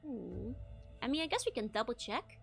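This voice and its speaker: A woman's voice: fairly high pitch, sing-song, normal speed, creaky, faint music behind. A woman streamer giving casual, chatty let's-play commentary and reading chat aloud. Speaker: VTuber streamer.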